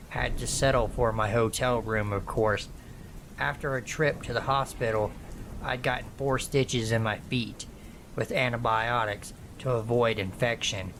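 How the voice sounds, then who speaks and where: A man slowly narrating a true horror story in a measured reading voice. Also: medium pitch, a bit bright, a little hiss or hum. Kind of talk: scripted narration.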